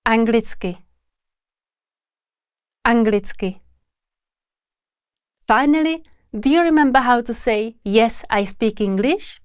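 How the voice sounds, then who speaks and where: A woman language teacher who speaks slowly and carefully, saying each word twice in a lesson drill. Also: a little high, lively intonation, clear, resonant tone, dry recording.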